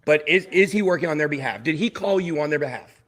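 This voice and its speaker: Husky man pleading emotionally with viewers. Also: on the high side, expressive, fast, fairly bright tone. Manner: emotional, insistent, repeats himself. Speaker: streamer. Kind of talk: livestream talk to viewers.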